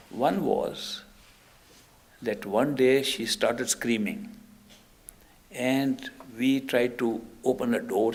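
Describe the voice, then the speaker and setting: A man giving a spiritual discourse, telling stories in an unhurried way with soft laughs. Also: mid-range voice, vocal fry, slight background noise. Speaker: spiritual teacher.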